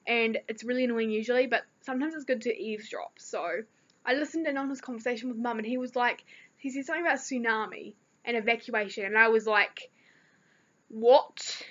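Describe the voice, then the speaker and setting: Talking to her camera, a teen girl from New Zealand wanders through a story, leaning on lots of filler words in casual vlog chatter. She has a slightly high, sharp-toned voice, captured on a dull, lo-fi recording.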